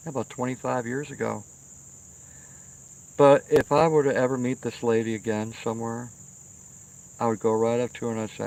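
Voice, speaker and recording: A middle-aged livestream host with a creaky, slightly mellow, medium-pitched voice rambles through a profane story. He's outside by a fire pit at night, telling it casually and often pausing for an "okay?"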